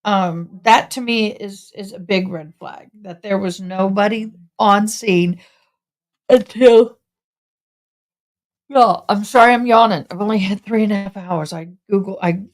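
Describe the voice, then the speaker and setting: A tired-sounding woman with a medium-pitched voice rambles unhurriedly to viewers on a livestream from home. She chats casually while commenting on a trial.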